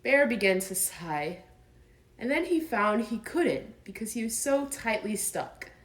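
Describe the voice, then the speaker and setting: Gentle, unhurried woman narrator for a children's audiobook. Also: on the high side, big pitch swings, rough recording. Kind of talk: storybook narration.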